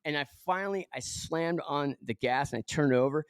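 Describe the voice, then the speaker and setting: Man, Southern Californian accent, middle-aged, casual storytelling, smooth voice, dry close sound. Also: fairly high pitch, fairly quick, no echo. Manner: animated, self-deprecating, lots of fillers like "you know" and "like". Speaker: podcast guest.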